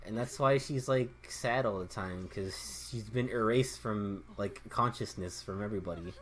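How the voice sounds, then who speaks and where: A woman's voice: very deep voice, moderate pace, slight background noise. A woman hosting a gaming video, giving joking, profane let's-play commentary and laughing often.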